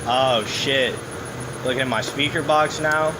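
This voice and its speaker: A man's voice: medium pitch, slow. A young man, handcuffed at a traffic stop, argues with police in an angry, defiant, swearing voice outside by the road. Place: roadside outdoors by a car. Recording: loud roadside noise, phone camera.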